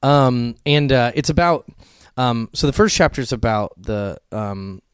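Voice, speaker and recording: A man's voice: mid-range voice, animated, measured pace, smooth, dry recording, clean studio sound. A man co-hosting a podcast in casual chat, rambling with many ums and some swearing. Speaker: podcast co-host.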